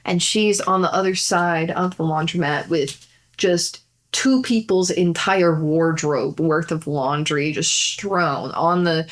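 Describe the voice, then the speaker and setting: A woman's voice: low voice, slow. A woman comedian telling a rambling anecdote on a podcast, laughing often and swearing freely. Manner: acts out gestures while talking. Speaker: comedian guest. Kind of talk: casual podcast storytelling.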